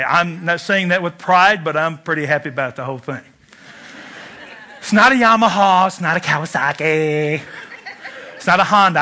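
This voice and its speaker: A man preaching a sermon in church, joking and animated, swinging from loud urging to hushed asides. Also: on the high side. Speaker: pastor.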